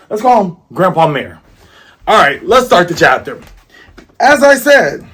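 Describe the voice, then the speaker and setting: A man's voice: on the high side, unhurried, long pauses, breathy edge. Jokey, slangy male manga reviewer. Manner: rambling, jokey, slangy, animated. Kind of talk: casual commentary.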